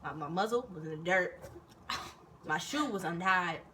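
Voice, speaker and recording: A young woman vlogger telling a casual story in an animated way, swearing freely and acting out what people said. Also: fairly low pitch, moderate pace, noisy background.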